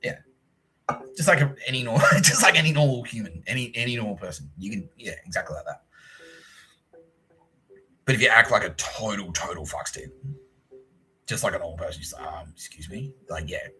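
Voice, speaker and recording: A man's voice: fairly low pitch, animated, brisk, long pauses, sharp tone, a little hiss or hum, poor audio. Profane rambling Australian man. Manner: profane, rambling, mimics people in quoted asides. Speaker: podcast host. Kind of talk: rambling solo podcast monologue.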